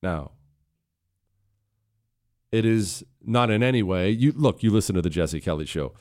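A man's voice: on the low side, expressive, a little slow, darkish tone. A man hosting a radio talk show, delivering political commentary in an emphatic style that builds in intensity, recorded on a studio microphone.

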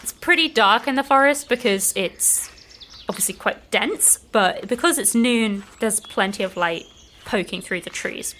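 A woman running a tabletop role-playing game, describing the scene to players in a relaxed way, full of "like" fillers. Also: fairly high pitch, unhurried, slight background noise. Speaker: game master.

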